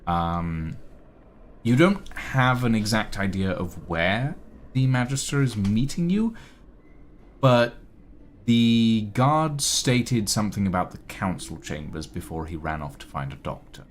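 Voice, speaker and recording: A male game master narrating a fantasy tabletop session at a slow, unhurried pace. His pitch moves a lot, and he fills the gaps with ums and uhs. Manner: relaxed, unhurried, full of fillers.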